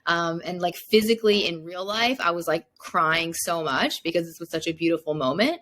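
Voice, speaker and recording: A woman's voice: lowish voice, normal speed. A young woman, a mindset coach guesting on a podcast, telling a personal story casually and peppering it with "like". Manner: chatty, many "like" fillers, animated retelling.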